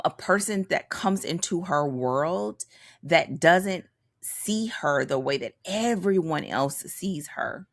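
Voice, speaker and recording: A woman co-hosting a book podcast in relaxed, animated chat, dropping slangy asides. Her voice sits very low with a gravelly fry. The sound is dry and close, with no room echo. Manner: animated, slangy, laughs often. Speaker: podcast co-host. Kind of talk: casual book discussion.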